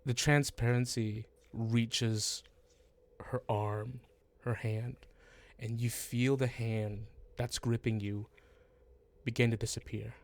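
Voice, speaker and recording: Halting male game master narrating. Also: mid-range voice, little pitch movement. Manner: halting, full of ums and restarts.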